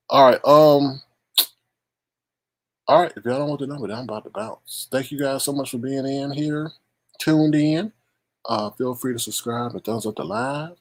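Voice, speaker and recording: A man's voice: mid-range voice, normal speed. A man hosting a casual live stream who rambles, repeats himself and teases his callers.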